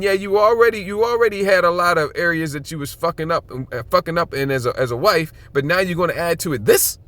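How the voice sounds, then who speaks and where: A man's voice: fairly high pitch, quick pace, hardly any pauses, fairly bright tone, no echo. A man preaching a sermon and teaching scripture in an emphatic, conversational way, often checking in with "okay?" and slipping into blunt slang. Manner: blunt street slang and occasional profanity.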